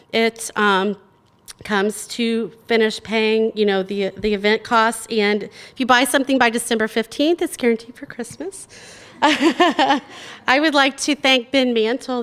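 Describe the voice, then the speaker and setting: A woman's voice: a little high, fairly bright tone, clear, resonant tone. A woman hosting a live awards evening, chatty with many fillers and frequent laughs. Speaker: awards host and group organizer. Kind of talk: live event speech. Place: event hall in New York.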